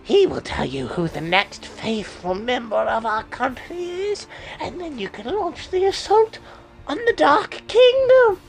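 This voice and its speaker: A woman voicing an impatient old male village elder with a squeaky, shouting voice. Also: very animated, unhurried, faint music behind, heavily acted.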